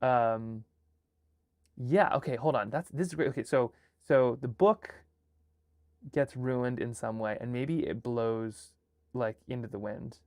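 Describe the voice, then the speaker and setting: A man hosting a casual live chat, brainstorming a story in an excitable, rambling way, full of fillers and restarts. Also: medium pitch, unhurried, no echo, studio quality. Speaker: host and filmmaker.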